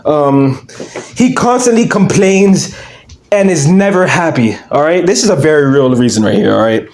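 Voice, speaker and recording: A young man hosting his own channel, ranting in casual commentary, loud and excitable, swinging between shouting and mumbling. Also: fairly high pitch, normal speed. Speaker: channel host.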